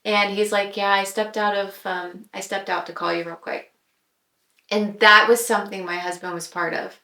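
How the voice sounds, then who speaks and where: Woman telling her story on a podcast, earnest and reflective, mid pitch, roomy echo. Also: little pitch movement, pushed and bright. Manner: earnest, reflective, speaks with pauses and fillers. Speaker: podcast guest. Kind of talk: personal testimony in casual chat.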